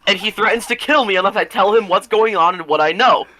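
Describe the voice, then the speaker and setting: Bright-voiced man arguing his case. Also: sits high, fast talker, dry recording. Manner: defensive, argues his case point by point. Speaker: podcast guest. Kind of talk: casual chat.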